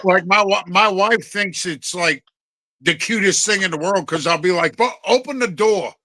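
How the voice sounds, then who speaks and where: A man's voice: high voice, fairly even intonation, normal speed, pushed and bright, dry recording. Man with a Northeastern-Southern mixed accent. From Connecticut. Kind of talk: casual chat.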